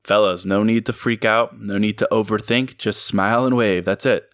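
A man's voice: lowish voice, fairly even intonation, normal speed, a bit bright, no room sound, clean studio sound. Skipper, a man doing a cool-headed cartoon penguin leader. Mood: calm commanding. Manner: clipped, matter-of-fact orders. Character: male cartoon penguin leader, calm commander.

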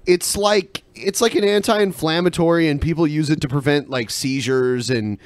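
A man's voice: a little high, normal speed, no room sound. A man co-hosting a podcast, chatting casually, hedging his points and reading out sponsor names. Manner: laid-back, hedging, reads out sponsors. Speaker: podcast co-host. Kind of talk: casual chat.

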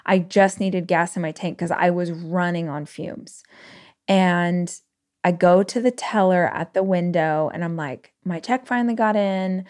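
A woman podcast host telling a personal story in an emotional, animated way with quick bursts. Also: lowish voice.

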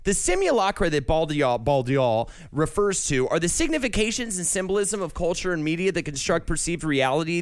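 A man's voice: a little high, smooth, no echo. A young man co-hosting a podcast, chatting loosely and explaining ideas with lots of fillers. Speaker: podcast co-host. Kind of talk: casual chat.

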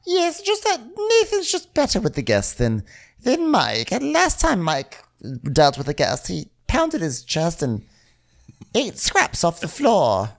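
A man doing a shrill, bossy chief stewardess. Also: wildly swooping pitch, takes it slowly, vocal fry, full character voice. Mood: prim. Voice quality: shrill falsetto. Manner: prim, scolding.

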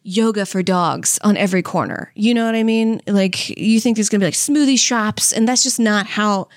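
A young comedian and podcast co-host from Louisiana in the US South tells candid stories full of stand-up jokes, chatty and profane, laughing often. Her voice is mid-range at a normal speed, with clean studio sound and no echo.

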